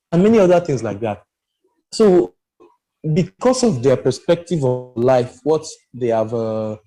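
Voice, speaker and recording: A man giving his views in a casual podcast discussion, animated and emphatic, often restarting his sentences. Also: medium pitch, poor audio. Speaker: podcast panelist.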